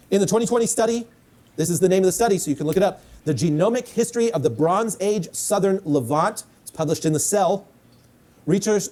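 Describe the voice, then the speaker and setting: Lively, emphatic male preacher. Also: high voice. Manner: emphatic, repeats key lines and asks rhetorical questions. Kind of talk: sermon reading scripture.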